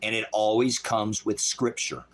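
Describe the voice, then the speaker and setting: A middle-aged man preaching in an angry, profane livestream style, voice swinging loud. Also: on the low side, flat delivery, a little slow. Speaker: street preacher.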